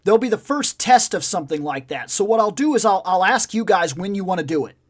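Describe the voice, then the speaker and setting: A man hosting a casual live chat show, telling stories in an animated way and swearing a lot. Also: high-pitched, brisk. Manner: profane, animated storytelling. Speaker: podcast host.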